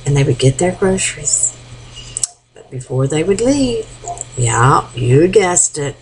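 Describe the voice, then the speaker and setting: Lively low-voiced grandmother telling a tale. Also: unhurried, a little hiss or hum, poor audio. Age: older. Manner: animated, dropping to hushed whispers. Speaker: grandmother storyteller. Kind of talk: folk tale told aloud to grandchildren.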